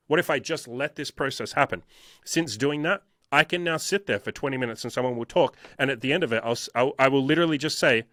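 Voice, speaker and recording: A man's voice: medium pitch, fairly quick, bright, forceful tone, no room sound, studio quality. A man talking casually in an interview as a dating coach, emphatic and repetitive, swearing often.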